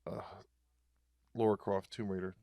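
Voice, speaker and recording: A man with a lowish voice co-hosts a loose comedy podcast. He delivers dark jokes deadpan and wanders off on rambling tangents. The recording is dry and close, with no room sound. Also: measured pace, vocal fry, no room sound. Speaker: podcast co-host. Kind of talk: casual comedic chat.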